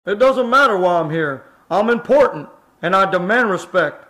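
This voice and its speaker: A man's voice: sits high, animated, normal speed, a bit bright. A man's synthesized voice playing a pompous one-eyed fire station commander who demands respect.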